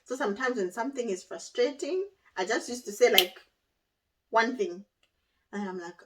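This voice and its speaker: A woman's voice: on the high side, animated, moderate pace, distant mic, background noise. A woman chatting casually as a guest, laughing often and trailing off as she tells her story. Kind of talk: casual chat.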